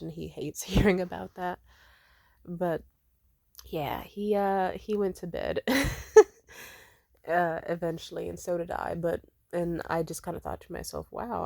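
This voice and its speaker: Young woman vlogging, kinda low voice, swears a lot and rambles, dead dry sound. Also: creaky, no echo. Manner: rambling, profane, animated quoting of others. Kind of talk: casual storytelling vlog.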